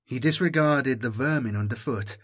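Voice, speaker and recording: A male audiobook narrator with a husky, breathy tone at a middling pitch. He reads in a steady, even storytelling manner. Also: normal speed.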